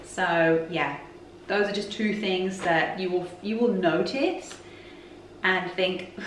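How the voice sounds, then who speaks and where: A woman's voice: lowish voice, slow pace, background noise. Chatty woman, roomy and distant. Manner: chatty, frank and open. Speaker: vlogger. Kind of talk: casual chat to camera.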